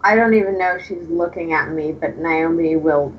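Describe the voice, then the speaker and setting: A woman's voice: low-pitched, normal speed, highs cut off, slight background noise. A woman player in a tabletop game, talking hesitantly with many ums.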